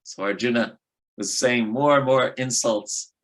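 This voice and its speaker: A man leads a scripture class in a bright, ringing voice. He tells the story in a lively, conversational way, with the odd "you know" and "right?" thrown in. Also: medium pitch, unhurried, poor audio. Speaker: scripture teacher. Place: temple class room.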